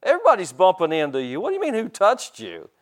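An older man preaches a sermon in a folksy, chatty style, often repeating and restarting words and acting out the voices he quotes. This pastor's voice sits high, with wildly swooping pitch and a fast delivery.

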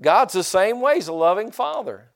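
A man's voice: high voice, very animated, normal speed, creaky. An older man from Indiana preaching a sermon in a folksy way, often calling out for amens. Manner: folksy, calls for amens from the congregation. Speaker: pastor.

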